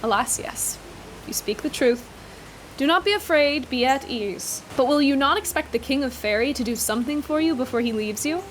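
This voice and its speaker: A woman voicing a proud young male fairy king who speaks formally and with measured reproach, while reading a story aloud. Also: high voice, slight background noise, close to an everyday voice. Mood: gentle, kingly.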